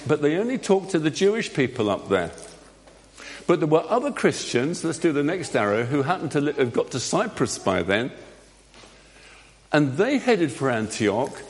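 A man leading an all-age church talk, acting out a Bible story with volunteers in a jokey, directing manner. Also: fairly high pitch. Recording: long hall reverb.

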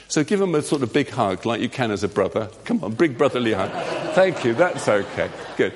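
A man's voice: on the high side, expressive, moderate pace. A man leading an all-age church talk, acting out a Bible story with volunteers in a jokey, directing manner. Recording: long hall reverb.

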